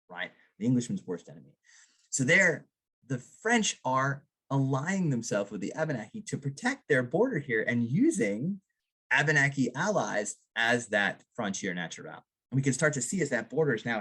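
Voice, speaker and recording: A man from Vermont giving a public history lecture on archaeology, animated and often checking in with the audience. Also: mid-range voice, slightly rough. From Vermont, USA. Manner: animated, often ends with a questioning "right?".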